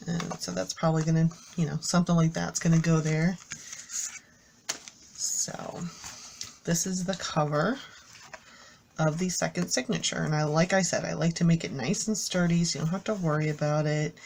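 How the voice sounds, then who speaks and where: A woman's voice: low voice, fairly even intonation, normal speed, gravelly, pauses often, a little mellow, slight background noise. A woman casually walking viewers through a handmade craft journal, chatty and enthusiastic, rambling with fillers and self-corrections. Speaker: craft YouTuber. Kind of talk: casual show-and-tell craft walkthrough.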